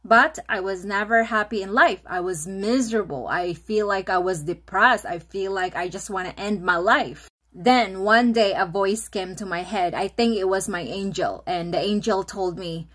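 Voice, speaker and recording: A woman vlogger with a Filipino first language, speaking English in an earnest, reflective monologue. Her voice sits at a middle pitch. She repeats phrases for emphasis and slips into quoted dialogue as she retells her past. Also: normal speed, hardly any pauses, a bit bright. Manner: earnest, repetitive, reflective storytelling. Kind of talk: personal monologue to camera.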